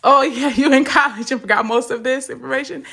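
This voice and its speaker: A woman's voice: high voice, steady tone, brisk, gravelly, pushed and bright, slightly rough. A young woman teaching a live math lesson, chatty and encouraging, stopping to answer viewer comments.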